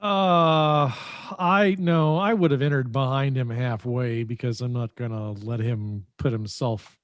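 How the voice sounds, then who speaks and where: A man's voice: medium pitch, fairly even intonation, a little slow, no room sound, muffled recording. A man playing a tabletop game, chatting playfully and thinking aloud about his moves. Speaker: player. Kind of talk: casual tabletop game chat.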